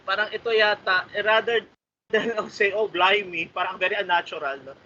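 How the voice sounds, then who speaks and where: A man's voice: high-pitched, pushed and bright. A man with a Filipino accent, a writing workshop trainer giving polite feedback over a video call, switching between English and Tagalog. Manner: polite, mixes English and Tagalog, reads sentences aloud slowly. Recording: slightly muffled call audio with faint noise.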